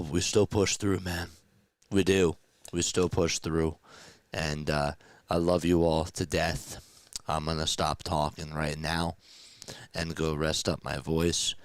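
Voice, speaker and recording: A man with a hoarse, strained voice calling a football game live as a fan play-by-play caster, rising to excited shouts before a casual sign-off. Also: rumbling low, no echo. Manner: excited calls that rise to shouts.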